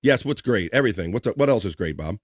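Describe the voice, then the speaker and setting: A man hosting a casual livestream, reading out viewer comments with loose, joking shout-outs and easy laughs. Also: fairly low pitch, lively intonation, quick pace, no echo, studio quality. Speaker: livestream host.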